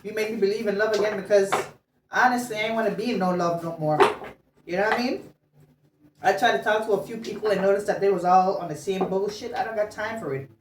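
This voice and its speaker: A fast-talking woman with a medium-pitched voice gives an informal love reading as a tarot reader, blunt and gabby, dropping slang and swear words between laughs. The mic is distant, the room echoes, and there's faint noise.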